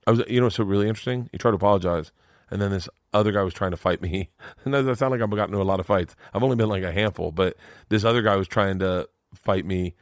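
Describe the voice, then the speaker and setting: A man's voice: on the low side, no echo, studio quality. A middle-aged man, a stand-up comedian, telling stories on a podcast and acting out the people in them. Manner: fast, animated storyteller acting out quoted voices. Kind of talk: casual podcast storytelling.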